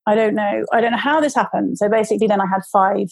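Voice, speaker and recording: A woman's voice: mid-range voice, fast talker, creaky, darkish tone, no echo, rough recording. A woman casually telling a long personal story, with many fillers and restarts. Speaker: guest telling her birth story.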